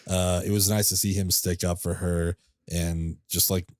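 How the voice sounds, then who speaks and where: Male podcast co-host, very low voice, loose rambling chat style. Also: level tone, normal speed, darkish tone, no room sound. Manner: rambling, filler-heavy, laughs easily. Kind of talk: casual chat.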